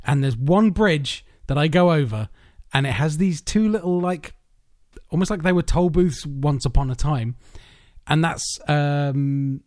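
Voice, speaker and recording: A man, co-hosting a casual film chat, animated and laughing often. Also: on the high side, measured pace, dry recording, studio quality. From England. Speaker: podcast co-host. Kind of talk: casual chat about films.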